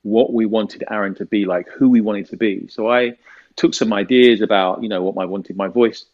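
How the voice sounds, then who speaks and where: A British actor from the United Kingdom, giving an interview and telling stories in a rambling way, with many fillers. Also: male voice, on the low side, fairly even intonation, normal speed, lo-fi sound. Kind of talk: casual interview talk.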